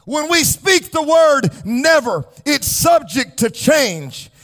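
Male pastor, very high voice, passionate church sermon with shouting and singsong cadence. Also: very animated, slow. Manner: impassioned preaching, rising to shouts and sung cadences. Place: church sanctuary.

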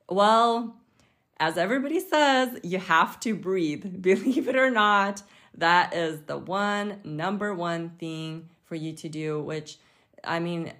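Chatty woman, slightly low voice. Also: a bit bright. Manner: chatty and informal, with frequent fillers and light laughs. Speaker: podcast host. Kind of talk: casual health podcast monologue.

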